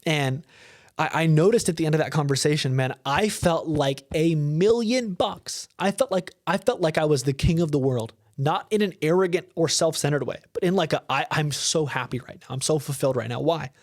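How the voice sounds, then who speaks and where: A man's voice: on the high side, moderate pace, dry recording, clean studio sound. A man, a pastor, giving an earnest, emphatic podcast talk, often repeating words as he builds a point.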